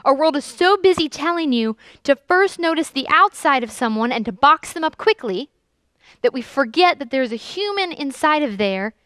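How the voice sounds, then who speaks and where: A young adult woman, a youth pastor, preaching a sermon with earnest storytelling and lively emphasis. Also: sits high, moderate pace, no echo.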